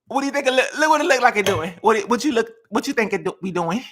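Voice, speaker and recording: A young man in his twenties chats to a live audience from his home kitchen, sassy and dramatic. His voice is bright and sharp-edged, and he teases the chat with playful exaggeration. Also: extremely high pitch, expressive, racing. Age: 20s. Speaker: host. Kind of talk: casual live-stream cooking chat.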